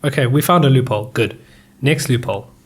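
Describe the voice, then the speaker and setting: A man's voice: medium pitch, fast talker, a little hiss or hum. A man co-hosting a podcast in casual banter, putting the questions to the others and tripping over long words. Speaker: podcast co-host.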